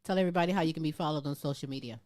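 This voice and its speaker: A woman's voice: deep voice, rapid-fire, a little mellow. Chatty woman hosting an interview. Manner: encouraging, chatty, laughs often. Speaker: talk show host. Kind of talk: casual interview.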